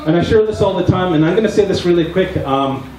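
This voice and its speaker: A middle-aged chief from the Tsleil-Waututh Nation in British Columbia, Canada, delivers a spoken address to a gathering, telling earnest stories with many repetitions. His voice is high and quick, and the recording comes from an echoey hall on a distant mic, with crowd noise and the audience audible.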